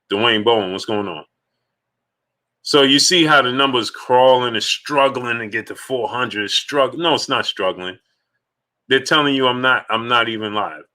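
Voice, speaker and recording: A man's voice: fairly low pitch, bright, forceful tone. A man hosting a live sports stream in a casual, emphatic way, repeating his points and greeting viewers in the chat one by one.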